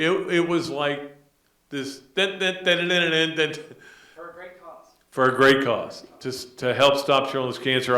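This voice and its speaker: A middle-aged man hosts a sports podcast, talking in a loose, rambling way with plenty of fillers and restarts. His voice is bright and forward, and it rings a bit in an echoey room. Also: medium pitch. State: emotional. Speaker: podcast host. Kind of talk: casual sports talk.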